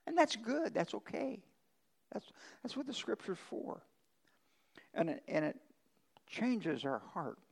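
A man's voice: high-pitched, big pitch swings, takes it slowly, vocal fry, long pauses, husky, poor audio. A male pastor preaching a conversational sermon, telling folksy ranch stories with emphatic swings in his voice.

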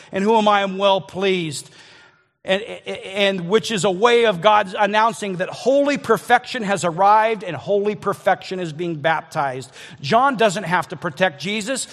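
A man's voice: sits high, a bit bright, in a large hall. A man preaching a sermon in a conversational way, often restarting and repeating words as he thinks aloud. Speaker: pastor.

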